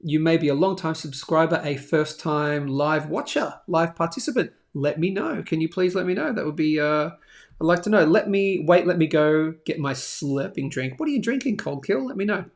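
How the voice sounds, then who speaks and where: Guy hosting a live stream, kinda high voice, rambly and chatty, reading out comments. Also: lively intonation, normal speed, gravelly. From Australia. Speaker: host of a daily live show. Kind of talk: casual live-stream chat.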